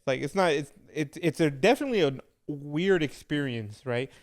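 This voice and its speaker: Male podcast co-host, a touch higher voice, lively anecdotal chatter. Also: moderate pace. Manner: animated storytelling with laughs. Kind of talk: casual chat.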